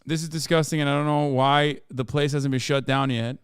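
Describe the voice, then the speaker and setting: Sarcastic male streamer, smooth dry voice. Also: on the high side, steady tone, a little fast, no room sound. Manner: offhand and sarcastic, breaking into loud outbursts. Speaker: livestream host. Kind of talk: casual livestream chat, reading viewer posts aloud.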